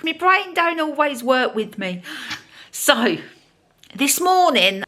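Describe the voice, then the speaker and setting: A woman's voice: medium pitch, bright, forceful tone. A woman vlogging in a chatty, self-deprecating way about her day. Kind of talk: casual vlog narration.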